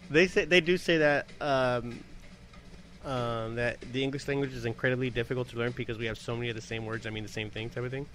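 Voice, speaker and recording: A man's voice: mid-range voice, fairly even intonation, quick pace, a bit bright, slight background noise. Rambling, swearing male podcast host. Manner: rambling, swears freely, many fillers. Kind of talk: casual chat.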